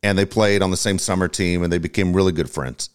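Deep-voiced man telling baseball stories. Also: fast talker, smooth. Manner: animated storyteller, swears freely. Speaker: co-host. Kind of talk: casual sports chat.

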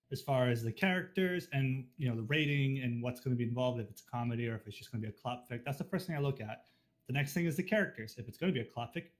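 A man answering interview questions on a casual podcast in a frank, matter-of-fact way. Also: medium pitch. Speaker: podcast guest, fan fiction writer.

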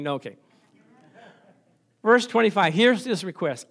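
Man, middle-aged, pastor, high-pitched voice, chatty sermon, acts out voices, chuckles, asks for amens. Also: expressive, unhurried, pauses often, a bit bright. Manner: conversational preaching that acts out quoted voices.

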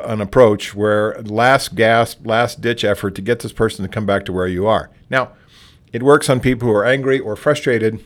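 A man giving a conversational training talk on calming difficult patrons, plainspoken, often restarting phrases and acting out sample dialogue. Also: medium pitch.

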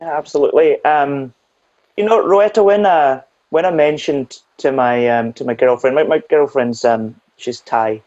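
A man speaks as an interviewer with a mellow, dark voice. He talks in an easygoing, meandering way, with many fillers. The recording sounds dull and dry. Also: mid-range voice, normal speed, no echo. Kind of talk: casual interview chat.

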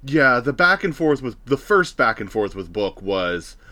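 A man's voice: medium pitch, very animated, a little slow, sharp tone. A man co-hosting a casual movie review chat, wry and joking as he gives his take. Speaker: podcast co-host.

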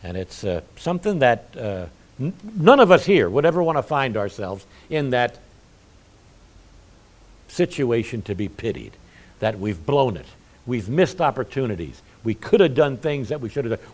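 Animated man preaching a sermon. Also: medium pitch, moderate pace. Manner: animated preaching with folksy asides. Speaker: pastor.

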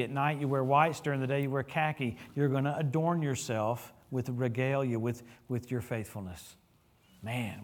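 Preaching in a church as a guest, a middle-aged man tells stories full of humor. He grows animated, his pitch swinging up and down as he gets carried away.

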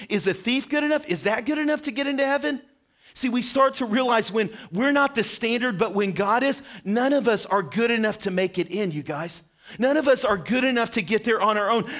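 High-voiced earnest male preacher. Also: a bit bright. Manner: earnest, questioning, direct address. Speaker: pastor. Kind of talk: short sermon.

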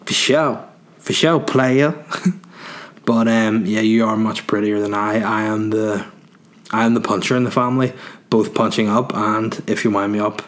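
Crude, giggly comic. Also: male voice, fairly low pitch, little pitch movement, normal speed. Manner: crude, rambling, laughs at own jokes. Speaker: comedian answering listener questions.

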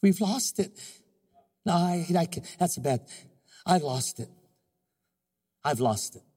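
A pastor in his fifties preaching in a church, animated and joking as he acts out little scenes. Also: fairly high pitch, slow, slightly rough, big-room sound. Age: 50s. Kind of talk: sermon.

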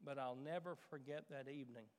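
In a church sanctuary full of long reverb, a middle-aged man preaches as pastor, building to fervent emphasis through repeated phrases. He speaks briskly in a mid-range voice.

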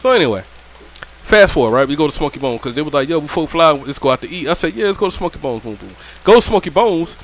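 A young man spins profane, laughing stories on a casual podcast. His voice swings widely in pitch and sits a bit high. He keeps checking in with his listeners as he goes. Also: quick pace. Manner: animated, laughing, profane, slangy, lots of "right?". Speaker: podcast host telling stories. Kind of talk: casual storytelling chat. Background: friends talking in the background.

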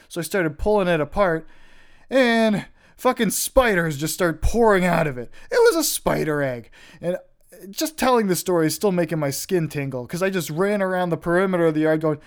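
Young guy rambling thru stories on his podcast, kinda high smooth voice, swears a lot. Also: lively intonation, normal speed. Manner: rambling, offhand, swears casually. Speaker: podcast host. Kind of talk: casual storytelling monologue.

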